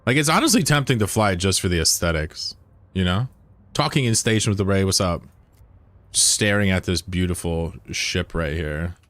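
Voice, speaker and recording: Low-voiced guy streaming a game, chill and swearing, reading chat out loud. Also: no room sound, clean studio sound. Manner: laid-back, profane, answers chat aloud. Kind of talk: casual livestream chat.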